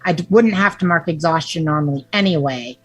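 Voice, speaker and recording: A woman's voice: low voice, a little fast, breathy edge, dry recording. A woman player in a tabletop game, talking casually and chattily. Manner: chatty, laughs, swears.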